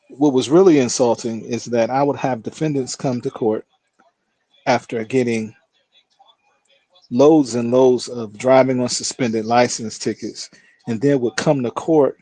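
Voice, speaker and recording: A man's voice: medium pitch, a little slow, pauses often, dry recording. A man who is a judge, telling courtroom stories as a guest in a casual interview. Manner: lively storyteller who acts out voices.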